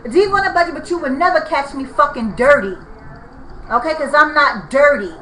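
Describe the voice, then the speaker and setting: Angry ranting woman, bright high voice. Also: expressive, fairly quick. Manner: heated, ranting, addresses viewers as "people" and "y'all". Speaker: vlogger. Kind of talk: angry storytime vlog. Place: apartment room. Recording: echoey room with faint noise.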